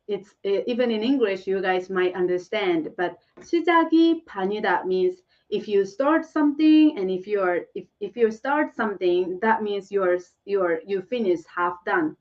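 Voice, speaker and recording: A woman's voice: medium pitch, a little mellow, recorded from a distance, lo-fi sound. A woman whose first language is Korean, teaching a live online lesson and answering viewer questions, laughing often and repeating phrases.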